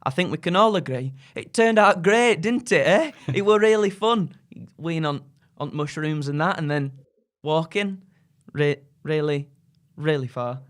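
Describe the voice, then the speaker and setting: A cheery, rambling game designer with a broad Yorkshire accent, as a man puts him on, sending mock-sincere thanks. The voice sits a touch higher than usual, bouncy and full of cheek. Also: expressive, measured pace. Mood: cheeky. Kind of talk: comedy impression in a recorded message.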